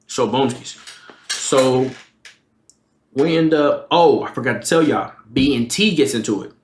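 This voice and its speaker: A man's voice: medium pitch, unhurried, a little hiss or hum. A young man live streaming, telling a profane storytime in a casual, slangy way with lots of swearing. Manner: animated, slangy, swears a lot. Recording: roomy echo.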